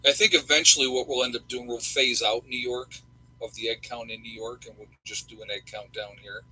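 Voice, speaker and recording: A man's voice: mid-range voice, fairly even intonation, fairly quick, bright, forceful tone, husky, low-quality recording. A middle-aged man, chatting casually and rambling with lots of fillers as host of a livestream. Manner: rambling, folksy, many fillers.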